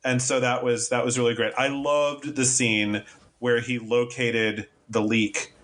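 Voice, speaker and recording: A man's voice: mid-range voice, level tone, unhurried, a bit bright. Chatty man musing about a film. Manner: chatty, musing aloud with quoted asides. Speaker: podcast co-host. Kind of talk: casual film review chat.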